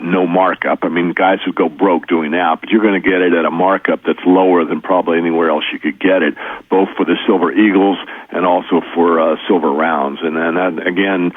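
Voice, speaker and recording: Heard on a tinny phone line with no room sound, a low-pitched man who teaches about precious metals talks as a guest in a casual, explanatory interview. He is earnest and folksy, returning to his practical points repeatedly.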